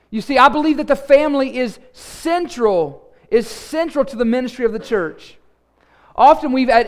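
Earnest high-voiced male pastor preaching. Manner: earnest, emphatic, repeats key phrases. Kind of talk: sermon with prayer.

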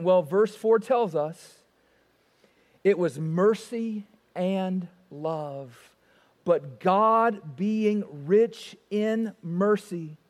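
A man preaching a sermon as pastor, swinging between emphatic, raised lines and soft, quiet drops. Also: high-pitched. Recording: long reverb of a hall.

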